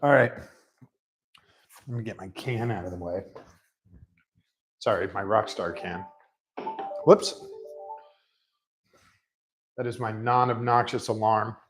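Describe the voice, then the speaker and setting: Soft background music plays under this rough recording, made on a laptop resting on a rolling stool in a home garage workshop. The mechanic's fairly low voice moves at a moderate pace with long pauses as he rambles through a car repair in a chatty, self-mocking vlog.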